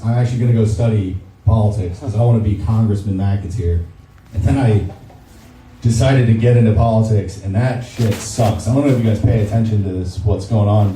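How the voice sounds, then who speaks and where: A man's voice: on the low side, fairly quick, warm tone, a little hiss or hum. A young man doing a stand-up set in a comedy club, crude, rambling and self-mocking. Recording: roomy club sound from a distance.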